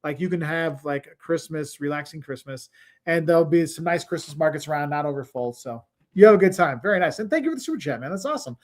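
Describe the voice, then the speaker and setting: High-pitched guy doing a travel q&a livestream, chatty and rambly, reads comments out loud. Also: expressive, fast talker. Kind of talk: casual livestream Q&A.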